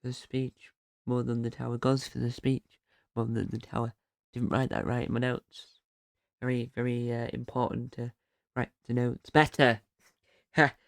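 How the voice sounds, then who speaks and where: A man talks through an episode recap on his own podcast in a loose, rambling way. He keeps stopping to fix his own sentences. His voice is smooth and clear, pitched at a middle level. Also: little pitch movement, measured pace, dry recording, clean studio sound. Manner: rambling, often correcting himself mid-sentence. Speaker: podcast host. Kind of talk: casual solo episode recap.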